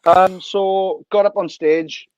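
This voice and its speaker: A man's voice: sits high, takes it slowly, no room sound, low-quality recording. Sweary Welsh man telling a story. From Wales. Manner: animated, sweary, laughs through anecdotes. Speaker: podcast guest. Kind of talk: casual storytelling.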